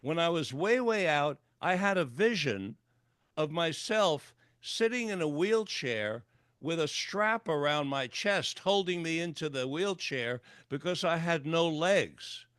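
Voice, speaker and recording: A man's voice: on the high side, animated, unhurried, a bit bright, clear, resonant tone, no echo, clean studio sound. An older man, a psychologist and author, telling a personal story in a radio interview and acting out the dialogue vividly. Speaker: guest, clinical psychologist and author.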